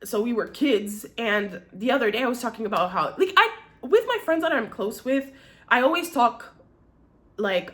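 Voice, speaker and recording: A woman's voice: fairly high pitch, expressive, a little fast, a bit bright. Rambling, candid young woman vlogging. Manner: rambling, candid, swears often. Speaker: YouTuber. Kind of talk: casual confessional vlog.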